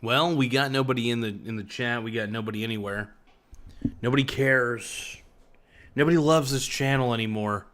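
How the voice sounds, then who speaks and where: A man's voice: medium pitch, quick pace, few pauses, a bit bright. A man hosting a casual livestream, chatting loosely to viewers in the chat with a slightly sore voice. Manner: laid-back, chatty, talks to viewers in chat, frequent "man" and "dude". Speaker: livestream host.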